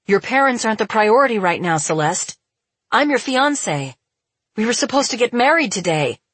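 A woman reading a wounded young fiancé who pleads with strained urgency. The voice is a touch husky, recorded close and dry. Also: sits low, fairly even intonation, unhurried, no echo. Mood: urgent.

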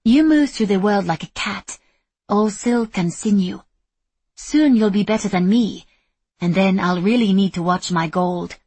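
A woman voicing a composed female sword mentor who speaks in a measured, instructive way. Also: medium pitch, darkish tone, breathy edge, dry recording. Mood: teasing.

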